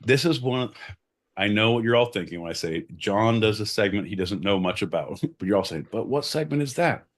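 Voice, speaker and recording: A man's voice: on the low side, brisk. A man co-hosting a podcast, joking, swearing and rambling in casual chat. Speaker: podcast co-host.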